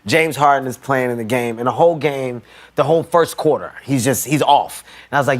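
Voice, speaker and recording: A man's voice: mid-range voice, fast talker. A man telling a comic story as a talk show guest, laughing as he goes. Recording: loud background noise.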